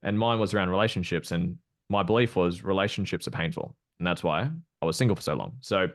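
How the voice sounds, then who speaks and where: A young Australian man speaking with a very low voice in a relaxed podcast chat, candid and loose, throwing in swear words and fillers. The sound is dry and close, with no room to speak of. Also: quick pace, no room sound. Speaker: podcast guest, mindset coach. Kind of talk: casual podcast conversation.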